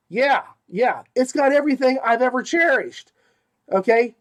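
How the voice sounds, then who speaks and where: A man's voice: very high-pitched, moderate pace. A middle-aged man hosting an audiobook review podcast, rambling and emphatic, with many asides and repeated "okay?". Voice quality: animated, emphatic, swings between loud exclamations and mumbled asides. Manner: rambling and self-interrupting, with repeated 'okay?' and 'like'. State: hiccuping. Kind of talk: casual spoken book review.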